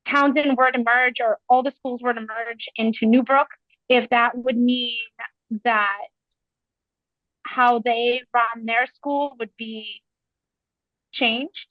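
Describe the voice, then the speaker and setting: A woman's voice: on the high side, no room sound, dull audio. A woman asking questions during public comment at a community meeting, nervous, with a shaky voice.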